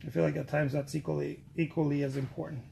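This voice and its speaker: A man's voice: a little high, level tone, fast talker, vocal fry, mellow. A man painting on camera, chatting casually with a scratchy throat, rambling, joking and repeating himself. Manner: rambling and joking, repeats words, laughs often.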